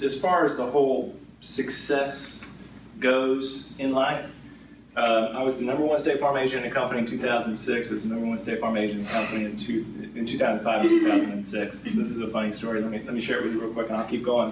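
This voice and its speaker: A middle-aged man, a guest insurance agent telling stories to an audience in a conversational way, often asking "right?". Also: mid-range voice. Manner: conversational, frequently adds "right?" tag questions. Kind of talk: storytelling talk to an audience. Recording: echoey room, distant mic, background noise.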